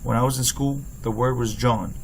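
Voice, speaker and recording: Young coach with a Philly accent, slight gravel, reads his own essay with faint hiss behind. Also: medium pitch, fairly even intonation, moderate pace, poor audio. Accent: Philadelphia. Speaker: former player and football coach. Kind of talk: read-aloud personal essay narration.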